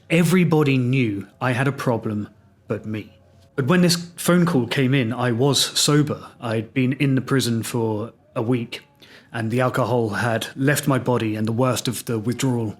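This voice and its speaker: A man's voice: mid-range voice, moderate pace. English man, solo podcast host, wry and reflective storyteller, mid-range voice. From England. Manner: reflective, wry, self-deprecating.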